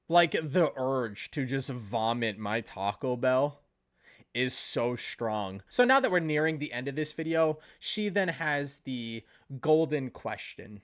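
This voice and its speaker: A man's voice: medium pitch, animated, takes it slowly. A man doing an angry commentary video, speaking bluntly and indignantly, swearing and retelling what others said. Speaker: commentary YouTuber.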